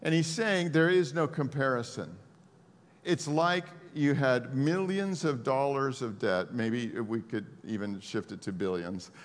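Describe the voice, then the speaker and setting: A man preaching a sermon in a conversational, animated style, adding casual asides to the audience. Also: mid-range voice, measured pace, long reverb tail.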